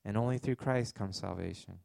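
A man's voice: lowish voice, brisk, gravelly, darkish tone. A man with a Canadian accent preaching a sermon as pastor, conversational, with asides and fillers.

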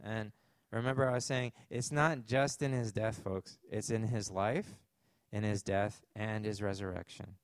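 A man's voice: on the low side, fairly even intonation, unhurried, clean tone, no room sound. A man with a Canadian accent preaching a sermon as pastor, conversational, with asides and fillers.

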